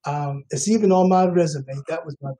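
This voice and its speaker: A man's voice: a little high, fairly quick, mellow, rough recording. A man, a guest actor, telling his story in a rambling way with many fillers and restarts. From Queens, New York. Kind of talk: casual interview talk.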